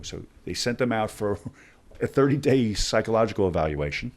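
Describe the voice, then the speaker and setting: Deep-voiced man telling a story. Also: a little fast. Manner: animated storyteller acting out dialogue. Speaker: guest, former hostage negotiator. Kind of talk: storytelling in a podcast interview.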